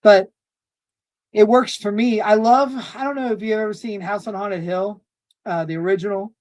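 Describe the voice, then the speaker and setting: A woman filmmaker talking casually in an interview, animated and acting out quotes from her shoot. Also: moderate pace. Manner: animated, acts out quotes in high voices. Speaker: filmmaker guest.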